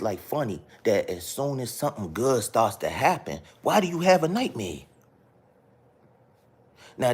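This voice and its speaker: Deep husky man preaching on a live stream. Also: a little mellow. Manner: earnest, repetitive, keeps asking viewers to follow along. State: talking softly at times so his sleeping kids stay asleep. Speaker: live-stream host sharing a spiritual message. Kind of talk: casual preaching to a live audience.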